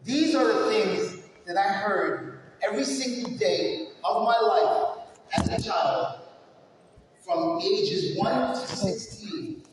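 A man from New York delivering an energetic motivational keynote speech, telling his life story and addressing the audience directly. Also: sits high, slow pace. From New York, USA. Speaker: keynote speaker. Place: large hall with stage. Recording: echoey hall, far from mic, faint noise.

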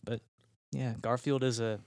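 A man's voice: mid-range voice, flat delivery, measured pace, vocal fry, darkish tone, no echo. A man with a mid-range voice co-hosts a loose podcast conversation. He hesitates and reaches for words with many fillers, with an amused tone. The recording is dry. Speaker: podcast co-host. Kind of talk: casual chat.

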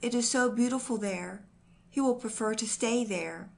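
A woman's voice: on the high side, normal speed, vocal fry, darkish tone, pitched above the performer's own voice. Storybook role: woman reads a devout young mother, tender and pleading in her grief. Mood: anguished.

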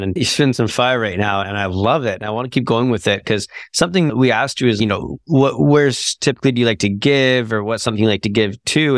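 A man's voice: medium pitch, fairly bright tone, no room sound, studio quality. A man hosting a podcast, asking questions in a casual, enthusiastic way with effusive praise. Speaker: podcast host.

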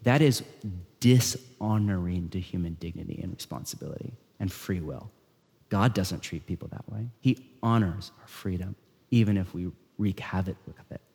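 A man preaching a sermon in a conversational style, swinging between loud emphasis and hushed lines. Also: sits low, moderate pace, gravelly, breathy edge. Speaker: pastor. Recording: long hall reverb.

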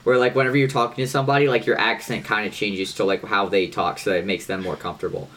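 A man with a Midwestern American accent, co-hosting a casual podcast chat, animated and swearing freely. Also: on the low side, fast. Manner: animated, swearing, shifts voice up when quoting people. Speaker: podcast co-host.

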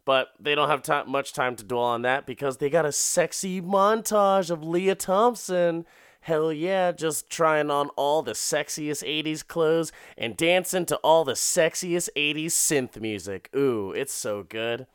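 A man's voice: fairly high pitch, expressive, unhurried, hardly any pauses, fairly bright tone, clear, resonant tone, no echo, studio quality. A man casually retelling a movie plot in a profane, rambling way, often laughing. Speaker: film recapper.

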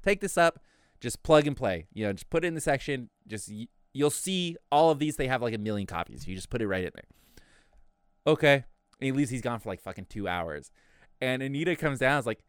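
A man's voice: mid-range voice, a little fast, clear, resonant tone, no echo, studio quality. A young man telling a work story in casual chat, swearing freely and acting out what others said. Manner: animated, profane, acts out quotes.

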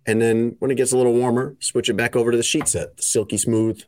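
A man hosts a podcast, speaking fast at medium pitch with little pitch movement and a slightly mellow tone. He chats casually and reads a sponsor ad in a laid-back way, and the recording is dry.

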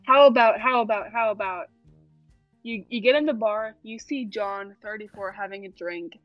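A woman co-hosting a casual podcast, playful and animated, spinning little scenarios with quick restarts. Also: mid-range voice, dry recording, lo-fi sound, soft background music. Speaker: podcast co-host.

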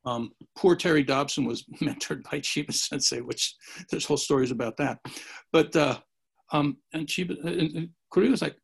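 A man's voice: a little high, moderate pace, vocal fry, breathy edge. A man telling rambling martial arts anecdotes in a casual chat, acting out the quotes. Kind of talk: casual storytelling.

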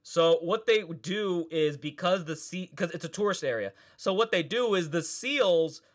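A man's voice: sits high, animated, normal speed. A man co-hosting a podcast in casual chat, rambling and swearing, laughing often. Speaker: podcast co-host.

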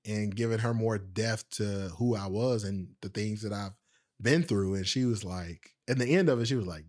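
A man hosting his own podcast, telling a personal story in a casual, animated way, with frequent laughs and asides to his listeners. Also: on the low side, moderate pace. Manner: speaks straight to listeners. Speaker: podcast host.

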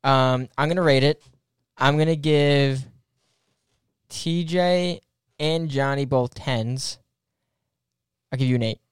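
A man's voice: medium pitch, slow, long pauses, smooth, no room sound, clean studio sound. Young man running a drinking game. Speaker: game host. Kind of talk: casual chat among friends.

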